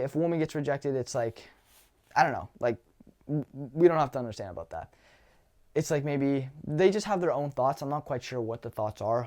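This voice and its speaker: A young man talking casually as a dating coach, animated and swearing, acting out lines from his own conversations. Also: medium pitch. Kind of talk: casual advice monologue.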